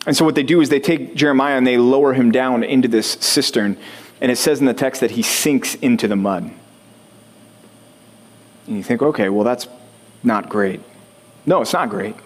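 A man's voice: medium pitch, moderate pace, pauses often. A man preaching a sermon as pastor, talking conversationally, putting questions to the congregation and building to rising intensity.

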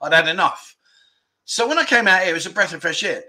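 A man's voice: sits high, lively intonation, fast talker, bright, forceful tone. A man from England hosting a casual livestream, rambling through self-deprecating banter and reading out viewer comments. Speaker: livestream host.

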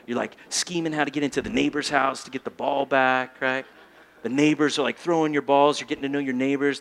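A man's voice: medium pitch, a bit bright. A man in his thirties preaching a sermon, chatty and conversational, often asking the congregation questions. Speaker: pastor. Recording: long hall reverb.

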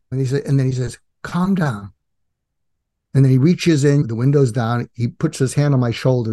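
A man's voice: medium pitch, a little fast. An older man, a psychiatrist and author, telling stories in a casual interview and acting out the quoted voices. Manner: animated storyteller acting out quoted dialogue.

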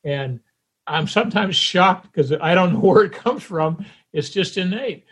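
Man, podcast guest, husky, slightly high voice, reflective, conversational. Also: lively intonation, measured pace, fairly bright tone. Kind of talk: conversational interview.

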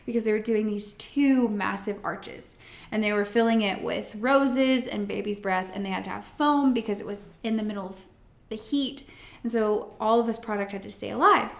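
A woman co-hosting a podcast, telling a long story in an animated casual way, full of "like" fillers. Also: medium pitch, moderate pace, vocal fry, echoey room. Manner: animated storyteller, acts out quotes, many "like" fillers. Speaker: podcast co-host, event florist.

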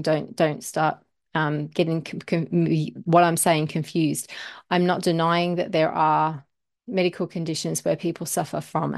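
A woman's voice: fairly low pitch, darkish tone. Earnest woman, motivational talk. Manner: earnest, repeats words when stressing a point. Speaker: podcast host.

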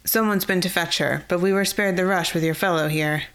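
A woman voicing a gruff, wounded half-orc overseer who speaks in a blunt, grumbling way, close to her own voice. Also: lowish voice, fairly even intonation, a little fast, fairly bright tone.

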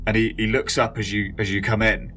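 A man narrating scenes as game master of a tabletop role-playing game, describing things in an unhurried way with fillers. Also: lowish voice, little pitch movement, a bit bright.

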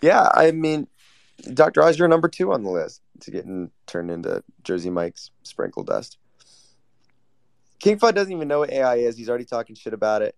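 A man hosting a casual chat, teasing the guests with deadpan, mock-earnest sarcasm. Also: medium pitch, moderate pace, gravelly, no echo, studio quality. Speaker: host.

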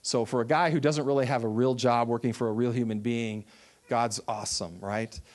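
A Texan man who runs a ministry shares a personal testimony during a sermon, telling it in an animated storytelling style and acting out the voices of people he quotes. He speaks at a moderate pace in a mid-range voice.

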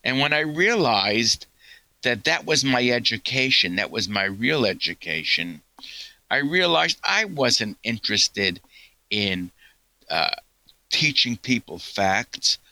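A man's voice: medium pitch, big pitch swings, takes it slowly, pushed and bright, no echo, poor audio. A man being interviewed as a guest scientist, answering earnestly and telling stories, often quoting what others said. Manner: earnest, storytelling, quotes others.

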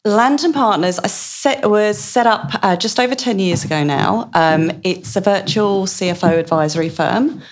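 A woman's voice: mid-range voice, normal speed, few pauses. Essex woman with an Aussie-tinged accent. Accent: Essex English with Australian drift. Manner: chatty, many ums and self-corrections. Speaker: guest, director of a virtual CFO advisory firm. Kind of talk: casual podcast interview.

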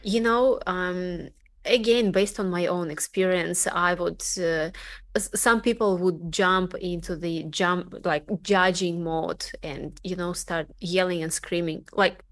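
A woman with a Russian accent hosting a podcast interview, speaking haltingly with many fillers. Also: on the low side, steady tone. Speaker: podcast host. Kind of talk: casual interview chat.

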